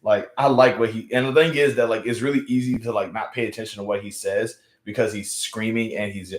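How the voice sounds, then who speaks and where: Young man, livestream host, casual rambling chat, restarts and fillers, lowish voice, roomy echo. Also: fairly even intonation, a little fast. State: feeling unwell. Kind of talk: casual live-stream chat.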